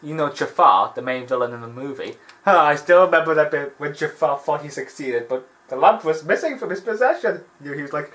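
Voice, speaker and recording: A man giving rambling, animated gaming commentary and laughing often. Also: on the high side, normal speed, few pauses, poor audio. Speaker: let's play host.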